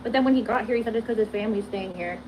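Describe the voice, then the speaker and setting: A woman's voice: medium pitch, very fast. A young woman recounting a text exchange in casual, exasperated storytelling. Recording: noisy background in the clip.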